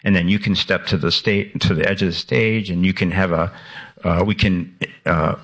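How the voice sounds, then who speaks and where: A man in his sixties, an author speaking as a radio guest, animated and laughing, with many restarts. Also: low-pitched. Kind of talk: radio interview conversation.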